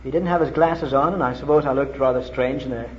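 Middle-aged male preacher from Ireland, lively storytelling sermon, muffled old recording. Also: quick pace, slight background noise. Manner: animated storytelling with dramatic pitch leaps.

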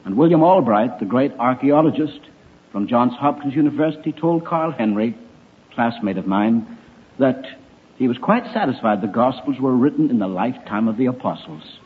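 A man's voice: medium pitch, lively intonation, moderate pace. An older man giving an emphatic evangelistic talk to young people, full of wry rhetorical questions. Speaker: speaker addressing young people. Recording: tinny phone-like recording.

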